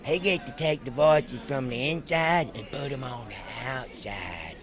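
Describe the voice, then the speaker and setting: A man's voice: mid-range voice, a little slow, fairly bright tone. A man, a voice actor at a convention, talking in a manic, jumpy way and breaking into silly voices mid-sentence. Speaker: voice actor guest. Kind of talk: convention interview. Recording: outdoor convention recording.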